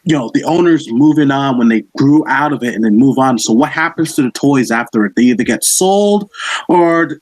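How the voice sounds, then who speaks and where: A man's voice: mid-range voice, lively intonation, normal speed, darkish tone, rough recording. A man co-hosting a podcast in casual chat, sharing trivia and leaning on filler phrases. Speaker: podcast co-host.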